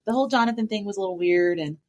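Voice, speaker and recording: A woman's voice: mid-range voice, rapid-fire, darkish tone. A woman co-hosting a podcast in casual chat, hesitant and full of fillers. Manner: hesitant, many fillers and restarts. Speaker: podcast co-host.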